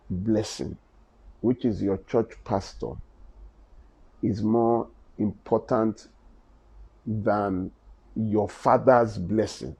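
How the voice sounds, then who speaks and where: A man's voice: mid-range voice, gravelly, warm tone, husky. A man with a Nigerian accent teaching in sermon style, reading scripture aloud and pressing his points with rising, impassioned emphasis. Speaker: Bible teacher. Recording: dull lo-fi recording.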